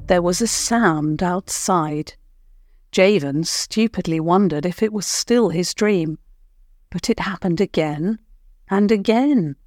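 A woman storyteller reads a children's tale in a calm, soothing manner. She speaks very slowly in a lowish voice. The recording is close and dry, with no room sound. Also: dry recording, faint music behind. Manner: slow, soothing, unhurried. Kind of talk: calm bedtime story narration.

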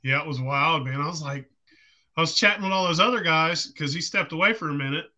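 A man's voice: on the high side, quick pace, bright, forceful tone. Rowdy, laughing podcast host man. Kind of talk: casual chat.

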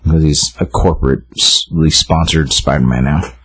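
A man's voice: a bass voice, steady tone, normal speed, a bit bright, breathy edge, no room sound. A young man co-hosting a podcast, casually retelling a comic book story in a rambling way full of fillers and restarts. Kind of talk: casual chat, retelling a comic with quick voiced lines.

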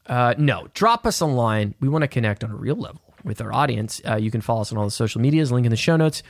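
A young man co-hosting a casual film podcast with a gravelly, creaky voice. He rambles with plenty of restarts and throws in jokes. The sound is dry and close, with no room echo. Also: medium pitch, animated, fast talker. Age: young adult. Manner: rambling, self-interrupting, joking. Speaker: podcast co-host.

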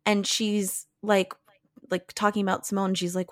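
A woman's voice: medium pitch, level tone, normal speed, no room sound, studio quality. A young woman co-hosting a podcast, casually recapping a film and acting out the characters' lines in a raised voice. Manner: chatty, many "like"s, acts out characters' lines in a raised voice. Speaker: podcast co-host.

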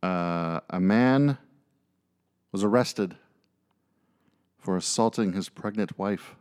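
A man's voice: low voice, takes it slowly, pauses often, darkish tone, clear, resonant tone. A man co-hosting a podcast, telling stories in casual chat with lots of fillers and jokey asides. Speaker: podcast co-host.

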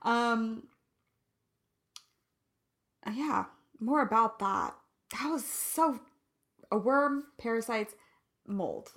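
A woman's voice: fairly high pitch, a bit bright. A woman in her thirties talking candidly and emotionally to her viewers in a personal vlog. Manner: emotional, candid, drawn-out and reflective. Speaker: vlogger.

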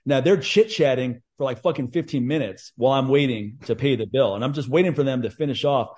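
A man hosting a casual chat, telling stories in a blunt, profane, animated way. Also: mid-range voice, fairly quick. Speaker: podcast host.

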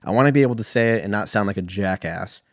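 A young man from California telling a profane, animated stand-up story. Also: lowish voice, fast, no room sound, clean studio sound. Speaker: comedian.

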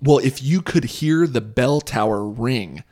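A man hosting a podcast, chatting casually with a friend in a rambling, excitable way full of fillers and the odd swear word. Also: medium pitch, unhurried. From United States. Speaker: podcast host. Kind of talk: casual chat.

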